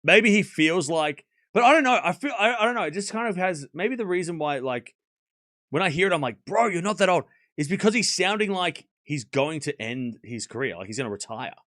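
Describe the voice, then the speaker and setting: Man, stream host, casual tennis commentary, rambling restarts, quick play-by-play calls, lively swooping pitch, dry close sound. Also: no room sound. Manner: animated, rambling, repeats words while restarting sentences. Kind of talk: casual livestream watchalong commentary.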